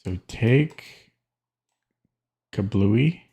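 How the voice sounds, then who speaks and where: A man with a lowish, mellow voice thinks aloud at an unhurried pace, muttering and hesitating as he plays. He counts off puzzles and greets chat between moves, like a streamer at his desk. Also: lively intonation, slightly rough. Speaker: chess streamer.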